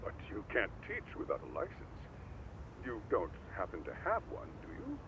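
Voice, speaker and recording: An actor playing a formal older male school administrator who speaks in a measured way. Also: on the low side, huge pitch swings, vocal fry, background noise, heavily acted.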